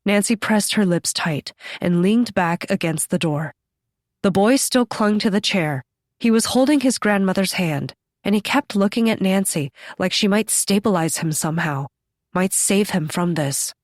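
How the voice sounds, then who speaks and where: A woman reading a horror novel aloud in steady, measured scripted narration on a close microphone. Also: medium pitch, no echo. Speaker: audiobook narrator.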